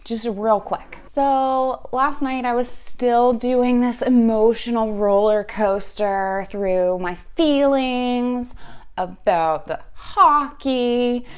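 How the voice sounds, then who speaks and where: A woman giving a casual fan reaction, telling a story in a wry, profane, animated way. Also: on the high side, clean tone. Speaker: sports fan vlogger.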